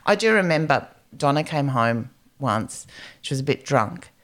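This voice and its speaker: Low-voiced, lively woman. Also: moderate pace. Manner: animated storyteller, swears freely. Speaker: podcast co-host. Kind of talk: casual chat.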